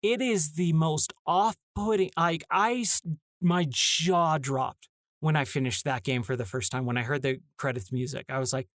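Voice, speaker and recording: A man with a somewhat high voice rants in casual talk, sounding exasperated and now and then mocking bits of dialogue. The sound is dry and close, with no room around it. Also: moderate pace, a bit bright, dry recording. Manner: exasperated, ranting, mock-acts short dialogue snippets. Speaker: podcast host.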